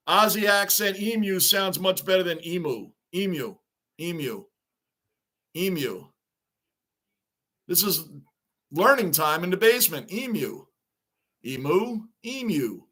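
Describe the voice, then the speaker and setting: A man's voice: high-pitched, sharp tone. A man hosting a live stream, chatting casually as he reacts to a baseball game and reads viewer comments aloud, sounding like a frustrated fan.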